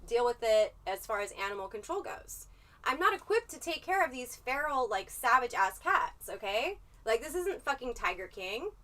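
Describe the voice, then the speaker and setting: A woman with a high, bright, cutting voice chats loosely on a livestream, swearing freely and rambling from one story to the next. She sits a little back from the mic, so her voice sounds set at a distance. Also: moderate pace. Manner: profane, rambling, animated storytelling. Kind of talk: casual livestream chat.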